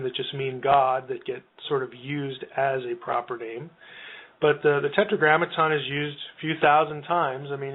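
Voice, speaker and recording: Man explaining over a tinny phone line. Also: mid-range voice. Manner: patient, academic, explanatory. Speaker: guest scholar. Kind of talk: radio interview explanation.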